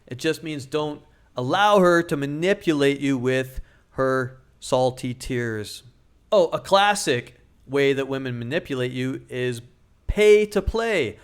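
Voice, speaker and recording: A man's voice: medium pitch, expressive, slow, smooth. A man who works as a dating coach gives blunt, joking relationship advice in a casual vlog.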